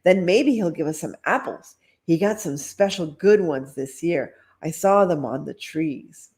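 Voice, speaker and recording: A woman's voice: fairly low pitch, expressive, unhurried, a little mellow. A woman voicing a bold, pushy girl in a Halloween costume, eager and airy.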